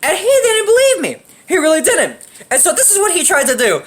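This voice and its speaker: Young woman doing a storytime vlog, high voice, swears a lot, says "right?" constantly. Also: wildly swooping pitch, fairly quick. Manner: profane, rambling, lots of fillers like "right?" and "you know"; acts out quoted lines in shifted voices.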